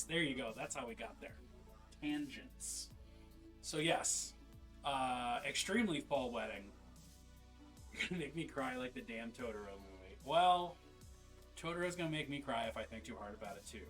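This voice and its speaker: A man's voice: medium pitch, a bit bright. Male hobby streamer, rambling and profane, faint background music. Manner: rambling, self-interrupting, swears freely. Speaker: streamer painting miniatures. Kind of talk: casual live-stream chat.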